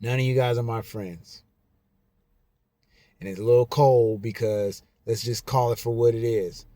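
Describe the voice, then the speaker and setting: A man vlogger giving a casual, emphatic monologue to camera, slowing down and repeating his key lines. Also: mid-range voice, darkish tone, dry recording. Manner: slow, repetitive, emphatic.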